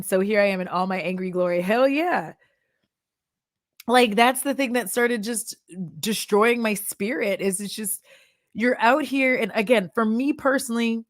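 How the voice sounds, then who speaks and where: A woman in her thirties talks straight to camera in a relaxed chat vlog, blunt and animated, swearing freely and laughing often. Her pitch sits in the middle for a woman. The sound is close and dry, with no room echo. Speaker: beauty content creator turned chat vlogger. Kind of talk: casual chat vlog while doing makeup.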